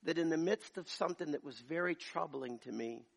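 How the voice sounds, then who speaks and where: A man preaching a sermon as pastor, moving from quiet storytelling to loud, shouted preaching. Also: a little high, fairly quick, vocal fry. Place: church.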